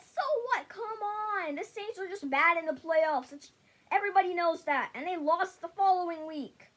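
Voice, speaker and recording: A woman's voice: very high voice, a bit bright. A woman giving a casual sports opinion rant, blunt and rambling, who often stumbles and restarts her sentences. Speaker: sports vlogger.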